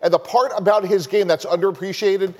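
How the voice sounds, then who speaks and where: A man analyst and former player on a sports show, making measured, stats-driven points. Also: high voice, fairly even intonation, darkish tone.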